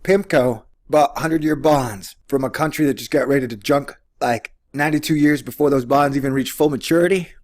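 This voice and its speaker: A man hosting a casual commentary video, joking sarcastically with sudden animated outbursts. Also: medium pitch, a little fast, few pauses.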